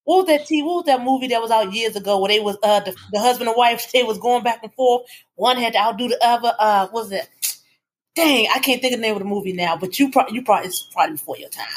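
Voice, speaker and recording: A woman's voice: a little high, quick pace. A woman co-hosting a casual relationship podcast, telling stories and acting out quotes. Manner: animated storyteller, acts out quotes. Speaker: podcast co-host.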